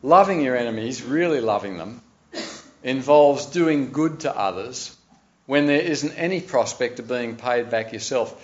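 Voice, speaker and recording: A man delivers a sermon and then a slow prayer, earnest and emphatic, with the odd wry aside. His voice sits in a middle pitch range. The recording is dull and lo-fi. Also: expressive. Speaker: preacher.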